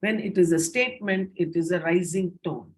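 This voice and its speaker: A woman's voice: fairly low pitch, moderate pace. A woman with an Indian English accent leading a teacher training session, explaining how to read punctuation and demonstrating intonation aloud.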